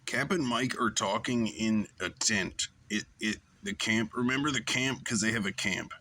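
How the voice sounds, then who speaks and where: A man with a bright, forceful voice talks through a casual episode recap. His delivery is loose and rambling, full of "like" and "remember" as he retells one scene after another. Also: fairly low pitch, normal speed, hardly any pauses. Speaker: show host.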